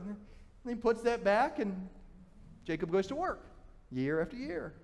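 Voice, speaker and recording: Guy pastor preaching, high voice, long echo in the church, storytelling, lots of restarts. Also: a little slow. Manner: animated storytelling with frequent restarts. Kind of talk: sermon. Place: church sanctuary.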